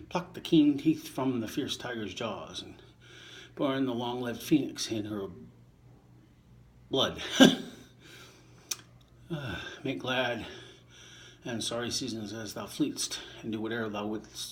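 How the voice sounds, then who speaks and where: An older man reading sonnets aloud and chatting offhandedly between them. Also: a little hiss or hum. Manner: recites verse, then chats in a low, offhand voice. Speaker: vlogger reciting sonnets while lifting. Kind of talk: casual recitation between lifts.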